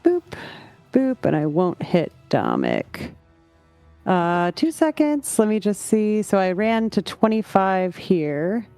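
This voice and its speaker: A woman's voice: medium pitch, wildly swooping pitch, slow, mellow, smooth, no echo, faint music behind. A woman playing a tabletop game, chatty and thinking aloud as she plans her moves. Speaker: player.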